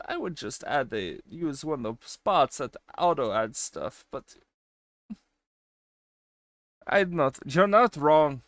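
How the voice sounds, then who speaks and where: A man streaming and chatting casually with his viewers. He swings between loud excited bursts and quieter asides, and he swears casually. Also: fairly high pitch, dry recording, studio quality. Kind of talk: casual chat with a live stream chat.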